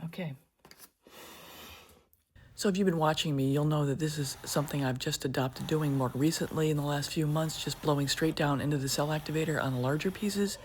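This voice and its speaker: Low-voiced woman chatting through a painting tutorial. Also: a little fast, a little hiss or hum. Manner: chatty, wandering asides while working. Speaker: fluid art painter teaching. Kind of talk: casual painting tutorial narration.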